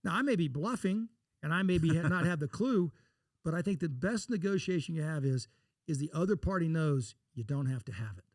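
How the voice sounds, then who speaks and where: A man's voice: a little high, lively intonation, fairly quick, no room sound, clean studio sound. A man from Texas, an investor guest in an interview, telling blunt, folksy stories and acting out the dialogue in them. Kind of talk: casual interview storytelling.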